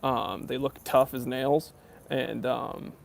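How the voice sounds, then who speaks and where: Gravelly man chatting on a live stream. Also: mid-range voice, fairly even intonation, slow. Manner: easygoing, rambling, many ums and uhs. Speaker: watch channel host. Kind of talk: casual live stream Q&A, reading chat comments.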